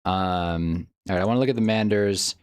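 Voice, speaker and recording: A man's voice: low-pitched, moderate pace, a little mellow, smooth. A man live streaming, chatting casually and rambling as he reacts to things on screen and talks to his chat, often laughing. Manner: talks to chat while browsing online.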